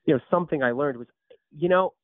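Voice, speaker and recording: A man in his thirties, a company founder telling his story as a podcast guest, animated and full of restarts and repeated words. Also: a little high, fast, dry recording. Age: 30s. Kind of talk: casual storytelling interview. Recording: tinny phone-like line, dry.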